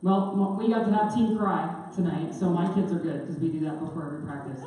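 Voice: mid-range voice, fairly quick, warm tone. A speaker thanking the previous speaker with informal, self-joking remarks to an audience. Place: large hall. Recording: echoey hall, distant mic.

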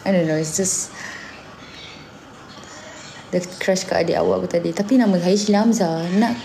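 A woman in her thirties with a Malaysian accent, chatting casually and telling animated stories, switching between English and Malay mid-sentence. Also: fairly low pitch, a little fast, vocal fry, slight background noise. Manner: animated storytelling, acting out her son's lines. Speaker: singer and mother. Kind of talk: casual chat.

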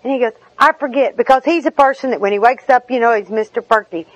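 Middle-aged lady at a recovery meeting, joking asides, a bit high, dry close sound. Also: fast, no room sound, lo-fi sound. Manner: humorous, chatty storytelling with asides. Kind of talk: personal recovery talk.

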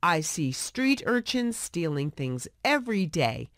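A kindly, generous bookseller with a calm, reassuring tone, read by a woman telling a storybook. He speaks slowly, with a lively rise and fall, recorded dry and close. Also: fairly low pitch, dry recording. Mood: earnest. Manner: gentle and reassuring.

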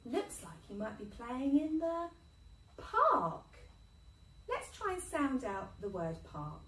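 A woman teaching a phonics lesson to young children, sounding out words slowly and praising them. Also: on the high side, very animated, darkish tone, echoey room, recorded from a distance, low-quality recording. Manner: sing-song, slow and encouraging, sounding out words. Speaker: infant school teacher.

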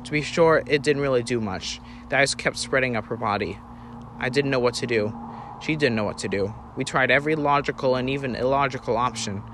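A man's voice: mid-range voice, fairly quick, background noise. Earnest man narrating a story. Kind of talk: first-person story narration.

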